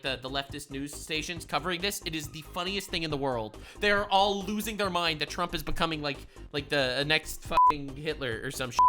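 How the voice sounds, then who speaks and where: A man giving comedic reaction commentary as a streamer, excitable and swearing, swinging from loud outbursts to low mutters.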